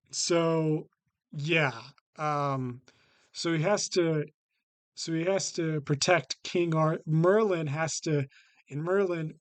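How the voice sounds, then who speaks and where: A man hosting his own vlog, talking unscripted and haltingly about his favourite TV shows, with lots of restarts and a habit of saying "basically". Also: fairly high pitch, no echo. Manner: halting, many fillers and restarts, repeats "basically". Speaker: vlog host ranking TV shows. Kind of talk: casual unscripted talk to camera.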